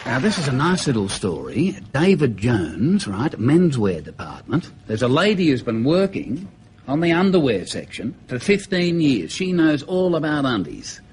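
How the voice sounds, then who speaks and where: A man's voice: medium pitch, sing-song, normal speed, darkish tone, a little hiss or hum, rough recording. A man with an Australian accent, a comedian telling jokes on a TV variety show and laughing at his own punchlines. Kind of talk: stand-up joke telling.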